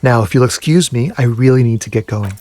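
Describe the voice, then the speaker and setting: A man's voice: mid-range voice, brisk, lightly acted. An actor playing a nervous, evasive young man in a video game, trying to get away. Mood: impatient. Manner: nervous, evasive, wants to leave.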